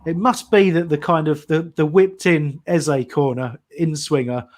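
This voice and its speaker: A man's voice: a little high, unhurried. A man giving live football commentary and analysis on a fan watch-along, chatty and thinking aloud with many restarts.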